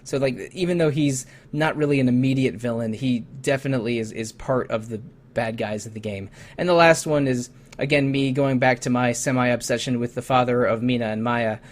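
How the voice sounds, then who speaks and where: A man hosting a podcast, talking casually with frequent restarts and fillers. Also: mid-range voice. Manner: halting, many restarts and fillers. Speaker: podcast host. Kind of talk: casual chat.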